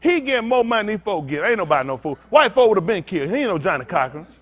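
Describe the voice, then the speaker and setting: Man, pastor, blunt sermon teaching, call-and-response, high voice, very animated pitch. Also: rapid-fire. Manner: emphatic, swinging between loud outbursts and low muttered asides; blunt, street-talking preacher.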